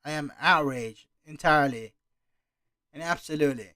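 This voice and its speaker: A man's voice: on the high side, moderate pace, dry recording. A man ranting through a casual reaction commentary, annoyed and swearing often. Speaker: reaction streamer.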